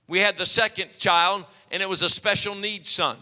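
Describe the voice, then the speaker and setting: A man preaching a sermon, telling animated stories and acting out quotes. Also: sits high, normal speed. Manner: storytelling, animated, acts out quotes. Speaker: pastor. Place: church hall. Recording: long hall reverb.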